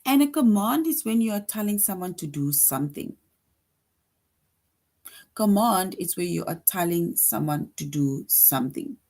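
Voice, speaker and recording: A woman speaking slowly and patiently, as if walking young children through a grammar lesson. Her voice sits a little low, and she repeats each point and checks in with the class before moving on. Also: animated, a little mellow. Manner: slow, patient, repeats points with frequent "right?". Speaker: teacher.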